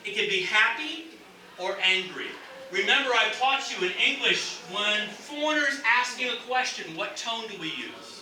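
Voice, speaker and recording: Male English teacher, high bright voice, demonstrative classroom delivery, echoey distant room sound. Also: sing-song, moderate pace, slight background noise. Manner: explanatory, demonstrates intonation with exaggerated examples.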